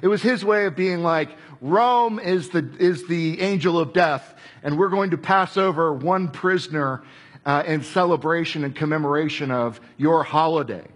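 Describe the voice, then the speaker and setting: A man with a high, husky voice preaches a sermon. He tells the story with animated energy and slips into the voices of the people he quotes. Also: normal speed.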